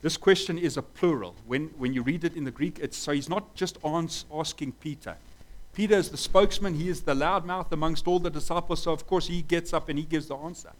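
A man's voice: a little high, brisk, poor audio. A man preaching a sermon fervently, asking rhetorical questions and stressing his points.

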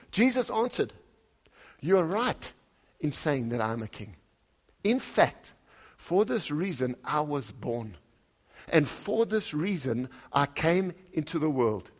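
Higher-voiced man preaching a conversational sermon. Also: slightly rough. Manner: emphatic, asks the congregation questions; reads scripture aloud with lively emphasis. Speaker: pastor.

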